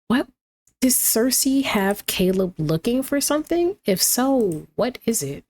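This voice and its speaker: A woman casually commenting on her gameplay, chatty and lively, talking to the game characters as she goes. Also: on the high side, unhurried. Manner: chatty, reacts aloud, talks to the game characters.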